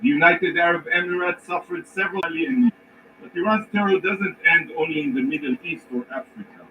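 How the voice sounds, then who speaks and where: Man giving an indignant formal speech to a council, bit high voice, distant and muffled, faint hiss. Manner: emphatic, indignant, measured pauses. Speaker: ambassador addressing the Security Council. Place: large council chamber. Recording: distant, dull rebroadcast with faint noise.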